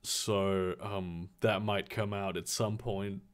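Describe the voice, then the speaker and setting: A man's voice: low-pitched, flat delivery, slow pace, clear, resonant tone. A man hosting a live stream, chatting casually and rambling with jokes and restarts. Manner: rambling, jokey, slips into a mock Australian voice. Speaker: streamer host.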